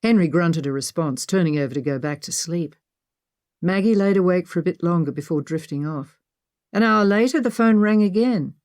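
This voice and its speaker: Woman, audiobook narrator, measured, low voice, dry close sound. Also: animated, darkish tone, no room sound. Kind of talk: scripted narration.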